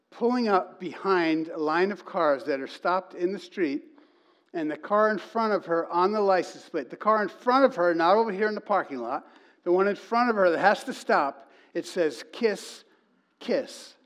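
A man preaching to a congregation, telling a story in an animated way and reading quoted lines in a slow sing-song. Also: sits high. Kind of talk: sermon.

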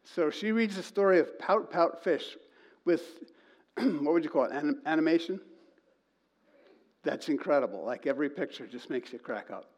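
Man, preacher, fairly high voice, animated storyteller, sing-song when quoting. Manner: storytelling, animated, reads quoted lines in a slow sing-song. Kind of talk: sermon.

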